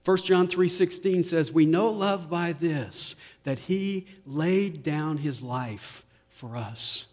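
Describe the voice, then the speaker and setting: Slow-preaching pastor in a reverberant hall. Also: male voice, on the high side, darkish tone. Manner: slow, deliberate preaching with dramatic drops in volume. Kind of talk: sermon. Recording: long reverb of a large hall.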